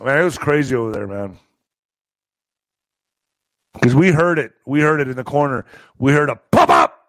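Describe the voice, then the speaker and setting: A man telling a profane story to his video audience, animated and full of spoken sound effects. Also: medium pitch, moderate pace, dry recording, rough recording. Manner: slips into a Spanish-accented put-on for quoted locals. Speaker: vlogger and author telling stories. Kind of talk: casual storytelling to camera.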